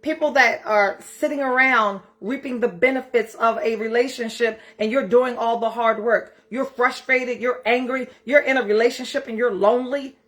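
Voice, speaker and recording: Middle-aged female host with a fairly high voice, blunt and emphatic, cussing freely in a casual motivational talk. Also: fairly even intonation, moderate pace, hardly any pauses, fairly bright tone. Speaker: self-care challenge host.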